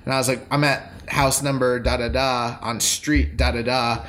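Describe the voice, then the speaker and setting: A man's voice: mid-range voice, little pitch movement, moderate pace, a bit bright, slight background noise. A man co-hosting a casual wrestling podcast, telling stories with energy and acting out his own heated replies. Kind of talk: casual chat.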